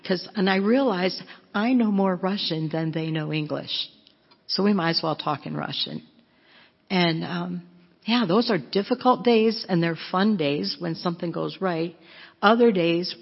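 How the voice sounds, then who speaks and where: Woman, missionary speaker, self-mocking storytelling, raspy voice, long echo of a hall. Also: lowish voice, lo-fi sound. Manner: chatty, self-mocking, laughs often. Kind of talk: humorous storytelling talk.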